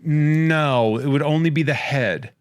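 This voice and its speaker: A man hosting a podcast in casual comedic chat, rattling off wry, crude shout-outs and jokes. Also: a little high, slow pace, noisy background. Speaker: podcast host.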